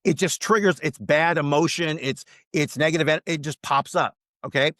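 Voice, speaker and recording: Mindset coach guy on a podcast, emphatic, slightly high voice, dry close sound. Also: normal speed, no echo. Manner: emphatic, animated motivational talk. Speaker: guest teaching mindset. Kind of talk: casual podcast interview.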